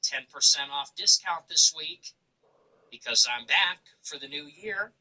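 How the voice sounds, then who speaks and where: Husky, sharp-toned male show host. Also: a little high, animated, a little slow, rough recording. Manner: blunt, profane, conversational. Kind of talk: casual ranting monologue.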